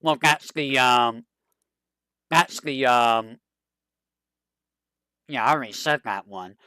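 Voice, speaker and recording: A streamer chatting casually to a live audience, rambling and excitable with a fond tone. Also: mid-range voice, slow pace, smooth, no echo, studio quality.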